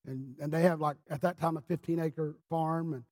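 A pastor preaching a sermon in church, telling his story with passion, dropping low and then rising to shouts. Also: steady tone, moderate pace. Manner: impassioned storyteller, swinging from quiet to shouting.

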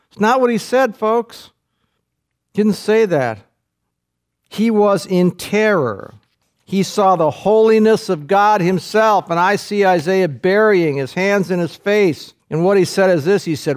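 A man preaching a sermon, telling the story vividly and walking listeners through the scene, dropping to hushed tones and rising to intense climaxes. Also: moderate pace. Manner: swings from hushed low passages to raised, intense climaxes.

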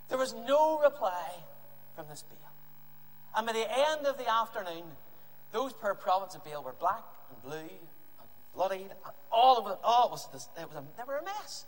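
A male preacher tells a Bible story to his congregation with lively, acted-out delivery. His voice sits high and swings widely in pitch. It carries through a reverberant hall with a faint background hiss. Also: normal speed. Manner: lively storytelling, acting out scenes. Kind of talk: animated children's Bible story.

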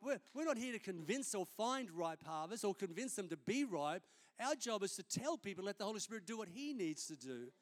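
A man's voice: sits high, very animated, fairly quick. A man, a senior pastor preaching a sermon in a conversational, storytelling way during a church service.

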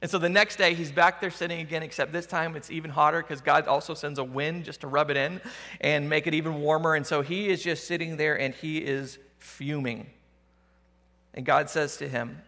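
A man preaching a sermon as a pastor, telling the story in a conversational, animated way with casual slang. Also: fairly high pitch, moderate pace, long reverb tail.

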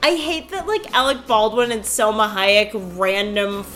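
A woman's voice: mid-range voice, animated, a little slow, a bit bright, soft background music. A woman co-hosting a podcast in casual, chatty talk, laughing often and stretching out her asides. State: tipsy. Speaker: podcast co-host. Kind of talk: casual chat.

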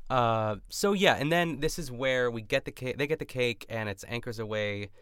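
A man's voice: medium pitch, normal speed, fairly bright tone, clean tone, no echo, studio quality. A man hosting a podcast, chatting casually and laughing as he recaps a cooking show. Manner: chatty, laughs often, mimics lines in quotes. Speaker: podcast host.

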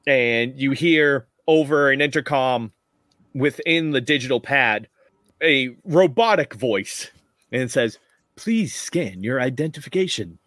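A man narrating as game master of a tabletop game, relaxed and rambling with frequent laughs. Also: medium pitch, takes it slowly, no echo, clean studio sound.

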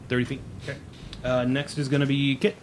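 Man, game master, brisk, teasing, medium pitch, faint noise. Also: little pitch movement. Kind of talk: running a tabletop game.

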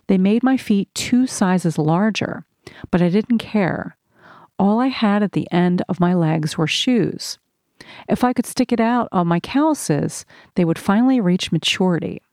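A woman narrating a first-person audiobook in a slow, measured reading. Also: medium pitch, animated, a little mellow, no room sound, clean studio sound.

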